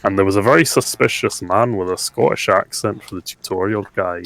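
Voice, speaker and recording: A man's voice: on the low side, a little fast, vocal fry, a bit bright, low-quality recording. A young man in casual gaming chat, talking while playing, chatty and laughing often. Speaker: let's play co-host.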